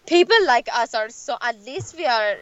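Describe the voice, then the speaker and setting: A man's voice: very high voice, lively intonation, normal speed, muffled recording, crowd noise. Woman impersonating her stern Persian-accented dad. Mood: indignant scolding. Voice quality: exaggerated accent impression, indignant. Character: strict Persian immigrant father, stern, scolding.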